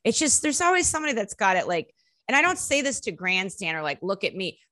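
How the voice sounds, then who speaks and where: A woman musician telling a story in a casual interview, animated and salty, acting out what people said. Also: fairly high pitch, fast, dry recording, studio quality. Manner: animated, swearing, acts out quotes in bursts. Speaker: musician guest.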